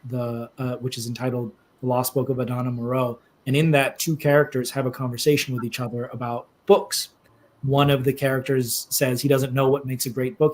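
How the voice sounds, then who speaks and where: A man, a novelist being interviewed, speaking in a reflective, halting way that turns emotional at times. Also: medium pitch, darkish tone, rough recording.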